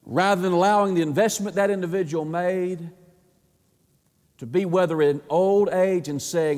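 A man preaching a sermon, impassioned, often repeating words and swinging between hushed and rising delivery. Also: a little high, fairly even intonation, normal speed, big-room sound.

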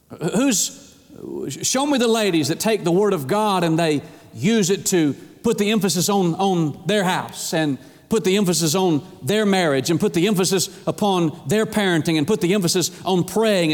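A man's voice: high-pitched, in a large hall. A man preaching a sermon with passion, repeating phrases for emphasis. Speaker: pastor.

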